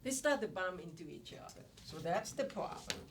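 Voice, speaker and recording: A woman's voice: lowish voice, big pitch swings, moderate pace. A woman instructor giving a classroom economics lecture, explaining step by step and asking rhetorical questions. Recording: distant mic with noise and clicks.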